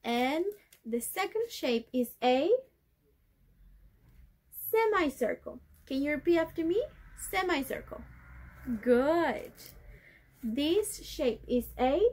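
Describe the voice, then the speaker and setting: A woman's voice: high-pitched, lively intonation, slow pace, darkish tone. A woman teaching a video class to young children, drawing out key words in a sing-song way for them to repeat. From Chile.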